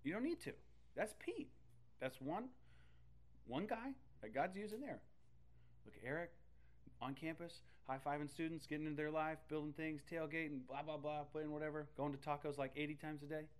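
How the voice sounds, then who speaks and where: Animated man preaching a sermon. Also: fairly high pitch, normal speed. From Texas. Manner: animated preaching with shifts in loudness and playful asides. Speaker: pastor.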